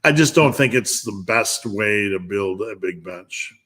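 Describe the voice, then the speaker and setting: This live-stream host is a middle-aged man with a lowish, bright, forceful voice, lively intonation and a measured pace. As a strength coach fielding viewers' questions, he hands out blunt, humorous lifting tips and restarts himself a lot.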